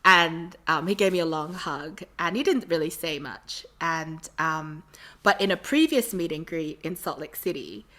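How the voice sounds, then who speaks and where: Bright-voiced woman telling stories. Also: deep voice, unhurried. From Australia. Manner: animated, laughs often while telling stories. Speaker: podcast guest. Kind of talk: casual storytelling interview.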